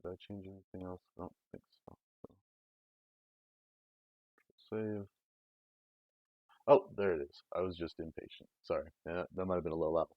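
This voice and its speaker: A man's voice: low-pitched, level tone, a little fast, long pauses, no echo. A man streaming a programming lesson, thinking aloud in a rambling, casual way with many fillers. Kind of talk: casual live-coding walkthrough. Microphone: desk mic, close. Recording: dull, dry close-mic sound.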